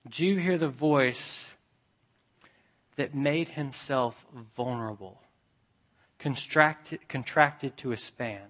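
A man preaching a sermon as pastor, deliberate, repeating phrases with building emphasis. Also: mid-range voice, a bit bright.

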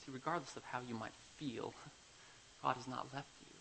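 A male pastor preaching a sermon, emphatic, moving between loud declarations and quiet, confiding passages. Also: medium pitch, moderate pace, gravelly, a little hiss or hum, poor audio.

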